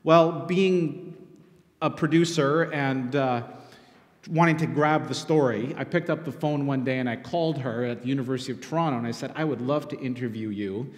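A man's voice: medium pitch, moderate pace. Guy instructor giving a talk, chatty storyteller, lots of hall echo. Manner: storytelling, conversational. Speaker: university instructor and film producer. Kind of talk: public talk. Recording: long echo in a lecture hall.

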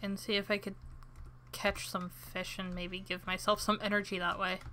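A woman's voice: medium pitch, flat delivery, normal speed, pushed and bright, slight background noise. A woman streaming a farming game, chatting casually and joking at her own expense. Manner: chatty and self-deprecating. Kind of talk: let's-play commentary.

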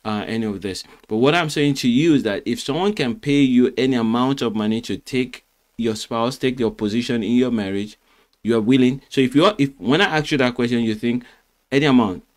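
A man's voice: mid-range voice, brisk. Earnest man coaching on marriage. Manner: earnest, repeats words, many fillers and restarts. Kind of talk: motivational Christian talk.

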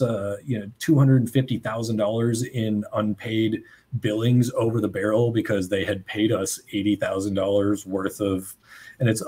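Husky-voiced man musing on a panel. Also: fairly low pitch, fairly even intonation, moderate pace, a little mellow. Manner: musing, restarts phrases often. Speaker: panelist, small business owner. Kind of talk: webinar panel discussion.

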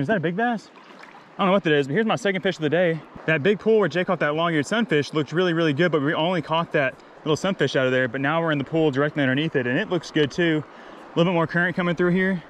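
Outdoorsy male vlogger, slightly high voice, chatty fishing commentary by a creek. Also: quick pace, slight background noise. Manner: excitable, explains spots while wading.

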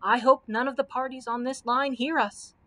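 A woman's voice: sits high, fairly even intonation, a bit bright. A woman voicing a nervous male scarecrow made of straw in a storybook read-aloud. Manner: anxious, hurried lines.

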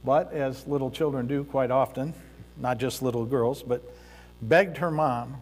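A man preaching a sermon in a church sanctuary, speaking deliberately with pauses and the odd filler as he tells a story. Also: medium pitch. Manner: slow, deliberate delivery with pauses and occasional fillers. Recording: reverberant church hall.

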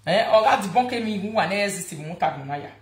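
Woman, Nigerian accent, gossip vlog host, mocking, animated, middle pitch, roomy echo. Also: fast. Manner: animated, mocking, repeats words for emphasis. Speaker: gossip vlogger. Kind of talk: casual gossip commentary.

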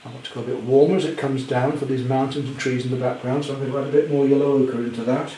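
A man demonstrating a painting at home, chatty with gentle self-deprecating humour. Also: mid-range voice, steady tone, quick pace, roomy sound, slight background noise, low-quality recording. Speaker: art teacher. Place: indoor studio at home.

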